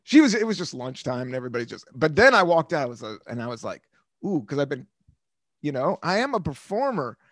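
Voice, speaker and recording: Very animated and fast-talking, a man with a fairly high, slightly bright voice hosts a podcast in studio-quality sound with no echo. He's an American in his fifties, rambling through stories casually, swearing freely and laughing often.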